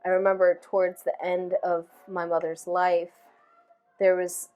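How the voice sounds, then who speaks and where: A woman in her thirties hosting a podcast, telling personal stories in a relaxed, reflective way, full of filler phrases. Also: fairly low pitch, unhurried, clear, resonant tone. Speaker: podcast host. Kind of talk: casual heartfelt conversation.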